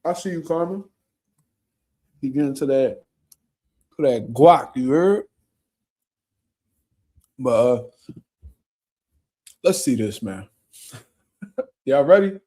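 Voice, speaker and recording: A man's voice: mid-range voice, lively intonation, takes it slowly, pauses often, mellow, slightly rough. A young man hosting a casual livestream, reading viewer comments and chatting in a loose, profane way with frequent laughter. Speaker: boxing livestream host. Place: home room.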